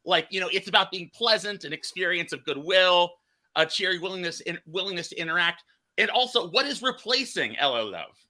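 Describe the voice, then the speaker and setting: An American man hosts a casual conversation. His voice is very bright and sharp and sits a touch high. He sounds animated and laughs easily. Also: brisk. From United States. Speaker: podcast host. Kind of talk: casual chat.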